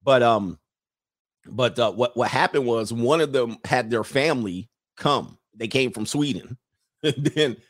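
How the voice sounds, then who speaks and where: A man's voice: medium pitch, a little slow, no room sound, clean studio sound. A man hosting a livestream who goes on a casual, joking rant, laughs often, talks in loose slang and reads out viewer comments. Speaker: livestream host addressed as Coach.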